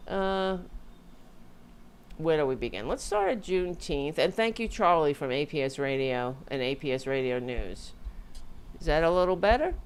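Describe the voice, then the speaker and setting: Low-voiced tired woman livestream host. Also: animated, normal speed, clear, resonant tone. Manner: rambling, self-interrupting, joking. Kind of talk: casual livestream chat. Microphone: home mic with audio interface.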